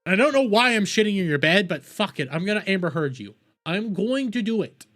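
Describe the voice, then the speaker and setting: A man's voice: high-pitched, very animated, fairly quick, fairly bright tone. A man ranting profanely in a heated, mocking commentary as a streamer reacting to videos.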